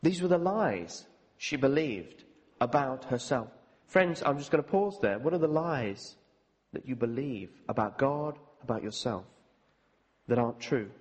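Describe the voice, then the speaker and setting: A man preaching a sermon, telling a story in an animated way and acting out the voices of the people in it. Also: medium pitch, a little slow. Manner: animated, acts out quoted voices. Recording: long hall reverb.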